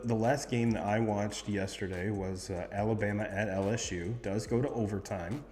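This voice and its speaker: A man's voice: fairly low pitch, darkish tone, long reverb tail. A man hosting a casual sports talk show, reading off game stats with lots of ums and restarts. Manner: rambling, reads off stats with many fillers. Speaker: sports podcast host.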